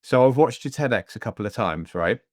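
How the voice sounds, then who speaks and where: A man's voice: medium pitch, animated, brisk, no room sound. A man hosting a podcast in casual chat, rambling and jokey, often slipping into voices while telling stories, recorded close on a studio mic. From Devon, England. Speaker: podcast host. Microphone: headphones and studio mic.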